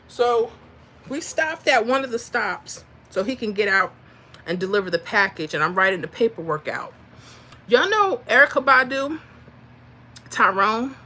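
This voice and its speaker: A middle-aged woman hosts a casual live stream, chatting and telling stories in an animated way with frequent laughter. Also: medium pitch. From Florida. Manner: animated, chatty, laughs often, acts out voices. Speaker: livestream host.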